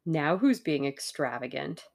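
A bubbly, eager young woman adventurer gushes with excitement, her voice climbing high. She has a gravelly texture, as a woman reading an audiobook puts her on. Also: a little slow, exaggerated voice. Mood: teasing.

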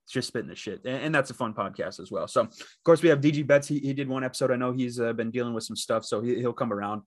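A man from the Dakotas in the Midwest hosts a sports betting podcast on his own. He talks casually at a quick pace in a medium-pitched voice, rambling with many fillers and restarts.

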